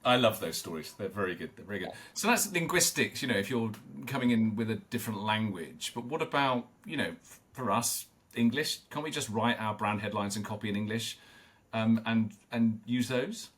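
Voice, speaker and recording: A man's voice: lowish voice, normal speed. Man co-host asking easy questions. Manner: relaxed, prompting questions with light humor. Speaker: podcast co-host. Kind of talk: conversational podcast discussion.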